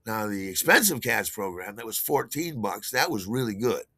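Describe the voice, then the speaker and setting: An older man hosting a podcast, telling a rambling story in a casual, animated way with restarts and chuckles. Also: normal speed, no room sound. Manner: animated, acts out quotes in a higher voice. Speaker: podcast host.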